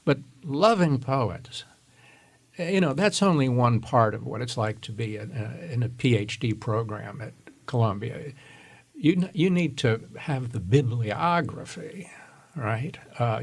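Older man, thoughtful radio guest. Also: mid-range voice. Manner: thoughtful, laughs easily. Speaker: guest, photographer and author. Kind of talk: reflective interview talk, with a read passage.

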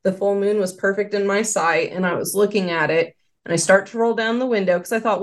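Talking briskly with hardly any pauses, a woman in a mid-range voice tells her personal story as a guest on an interview podcast. She once worked in quality control, and her casual, earnest account is packed with fillers.

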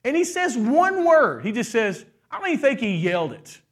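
A middle-aged male pastor delivers a sermon in a high voice. He preaches with animation, acting out the voices in his stories and stopping to quiz the congregation. His delivery moves between fast runs and slow, stressed phrases. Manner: animated preaching, acts out quoted voices, asks the crowd questions.

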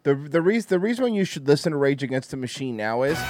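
A man's voice: on the high side, big pitch swings, fast, a little mellow, no echo, studio quality. A man hosting a livestream, ranting casually in a profane, sarcastic and mocking way. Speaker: livestream host. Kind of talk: casual commentary rant.

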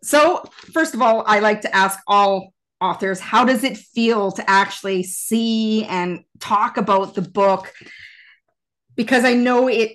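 A woman hosting an interview podcast, introducing her guest in measured list-like phrases and asking questions. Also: medium pitch, a bit bright. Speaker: podcast host.

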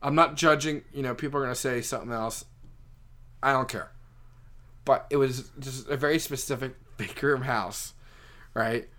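A man's voice: mid-range voice, steady tone, moderate pace, pauses often, sharp tone. Rambling young man telling a story. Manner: rambling, filler-heavy storytelling with many "like"s. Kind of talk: casual chat.

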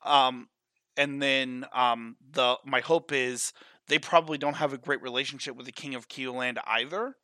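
Guy thinking out loud about his game plan, bright voice, dry close mic. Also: mid-range voice, steady tone, normal speed, no room sound. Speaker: player. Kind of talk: casual chat.

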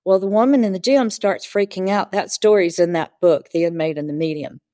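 Brisk and mellow, with a voice on the low side and fairly even intonation, a spiritual teacher tells interview stories and earnestly acts out the dialogue as she goes. The recording is dry and clean, studio quality.

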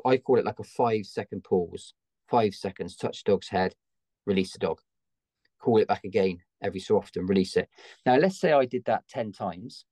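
An English man with a lowish voice and a warm, relaxed tone speaks as a guest. He explains training steps in an emphatic, hands-on way, recorded close and dry. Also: no echo. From England. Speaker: gun dog trainer guest. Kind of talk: conversational interview.

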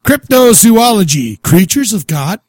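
Excitable high-voiced podcast man. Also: unhurried, dry recording. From Utah. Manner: excitable, crude, jokey, stammers and restarts. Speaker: podcast co-host. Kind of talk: casual chat.

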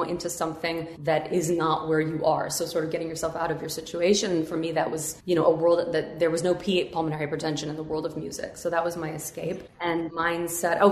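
A woman's voice: low-pitched, darkish tone, roomy sound. A woman guest in a podcast interview, talking candidly and upbeat with many fillers.

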